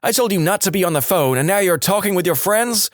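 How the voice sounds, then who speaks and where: A man voicing a furious middle-aged mother who yells and scolds in a high, strained voice. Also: animated, quick pace, dry recording, clean studio sound. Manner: yelling, scolding.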